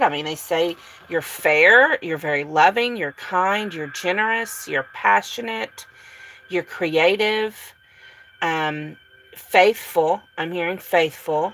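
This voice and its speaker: A woman giving a casual tarot reading, relaxed and sleepy, with many fillers and soft laughs. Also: lowish voice, slow, low-quality recording. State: sleepy, yawning. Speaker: tarot reader.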